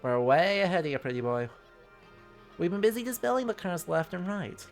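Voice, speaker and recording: A man's voice: sits high, very animated, fairly quick, faint music behind. A man voicing a tiny, brash male sidekick with cocky, punchy delivery.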